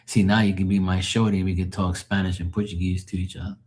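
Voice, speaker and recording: A man hosting a live stream chats loosely with his viewers, explaining language differences to the chat, laughing easily and swearing casually now and then. His voice is deep, level, and a little mellow, at normal speed.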